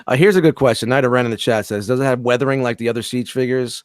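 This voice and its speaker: A man co-hosting a toy collector stream, casual and profane, quick to joke and read out chat comments. His voice sits at an ordinary middle pitch. The sound is dry and close, with no room echo. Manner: profane, joking, reads viewer comments aloud. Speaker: co-host of a toy collector show.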